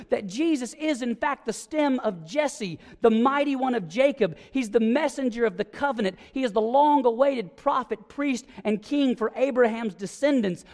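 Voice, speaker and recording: A man's voice: very high voice, a little mellow. A man preaching a sermon as pastor, telling the story vividly and building to emphatic declarations. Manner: vivid storytelling, acting out scenes; emphatic, rising to ringing declarations. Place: church sanctuary. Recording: long reverb of a church sanctuary.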